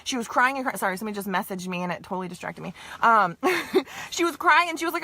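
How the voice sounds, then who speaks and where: Fast, bright-voiced woman giving a pep talk. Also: medium pitch, lively intonation, no room sound. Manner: emphatic, repetitive, keeps saying "you guys" and "okay". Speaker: sales team leader. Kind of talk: motivational live-stream pep talk.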